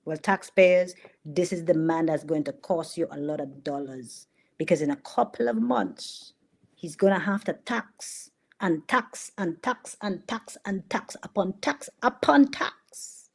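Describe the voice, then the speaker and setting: Speaking a little slowly at a fairly low pitch, a middle-aged woman runs a political commentary livestream. Her style is mocking and sarcastic, she laughs at her own jokes, and she repeats points emphatically to hammer them home.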